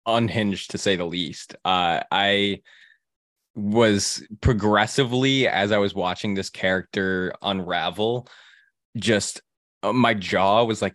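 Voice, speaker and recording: Low-voiced halting man discussing films. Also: a bit bright, no echo, clean studio sound. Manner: halting, many restarts and fillers. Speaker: film podcast host. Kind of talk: casual film discussion.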